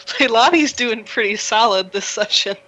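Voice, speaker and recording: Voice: medium pitch, normal speed, bright, forceful tone, poor audio. A game master running a tabletop role-playing game, narrating events in a casual, matter-of-fact way.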